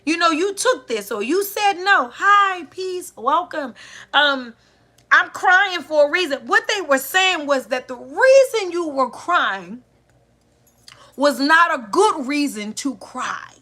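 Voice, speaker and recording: A woman's voice: high voice, expressive, takes it slowly, sharp tone. A woman giving a spiritual, sermon-like talk to a live audience, building her points with repeated phrases and rhetorical questions. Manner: preacher-like, repetitive cadence, rhetorical questions; addresses listeners directly. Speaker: spiritual teacher. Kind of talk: live-streamed inspirational talk.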